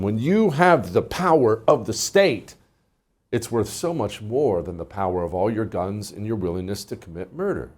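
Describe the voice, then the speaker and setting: A man's voice: fairly low pitch, a little mellow. A man hosting a political commentary monologue, mocking and emphatic, with many rhetorical questions.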